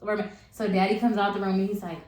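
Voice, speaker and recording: A young woman telling a story in casual chat, animated and profane, acting out the people she quotes. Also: mid-range voice, quick pace, crowd noise. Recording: echoey room.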